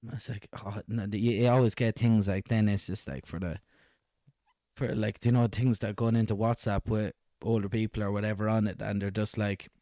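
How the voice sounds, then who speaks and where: A man's voice: on the low side, fairly even intonation, moderate pace, mellow, dry recording. Chatty young Irish man, dry sound. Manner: chatty, joking, lots of fillers. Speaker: podcast co-host. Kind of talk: casual chat.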